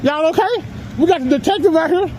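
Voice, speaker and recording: A citizen filming police, a man with a very high but darkish voice, talks back fast on a sidewalk, brash and taunting, swearing freely and bursting into laughter. He's caught on the camera he holds, with faint traffic humming behind him, and the audio is poor.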